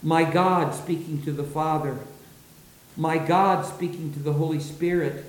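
Male preacher, dramatic sermon delivery, unhurried, recorded with a roomy echo. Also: fairly even intonation. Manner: dramatic, drops low and soft for quoted words.

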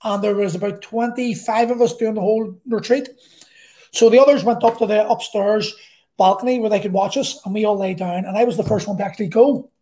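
A man's voice: sits high, fairly even intonation, a little fast, dark tone. A middle-aged man with a Belfast accent, telling a personal story in a blunt, sweary, rambling way. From Northern Ireland.

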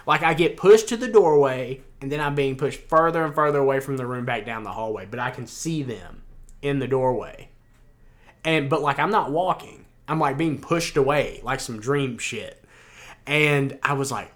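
A young man in casual chat, telling a wild dream in an animated way, acting out the voices and swearing freely. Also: mid-range voice. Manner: animated storyteller, acts out quotes, swears freely.

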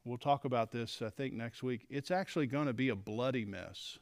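A middle-aged man teaching a Bible lesson to men, animated and acting out quoted lines. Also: mid-range voice, brisk, no room sound. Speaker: men's leadership teacher.

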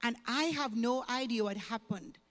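A woman from Jamaica, a pastor telling her testimony as an animated, humorous and emotional story to a women's church event. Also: on the high side, moderate pace. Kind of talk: sermon testimony told as a story. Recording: echoey hall reverb.

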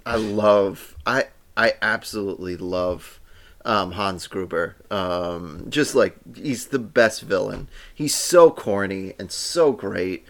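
A man's voice: lowish voice, takes it slowly. A man in casual conversation about movies, talking with enthusiasm. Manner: enthusiastic, fond.

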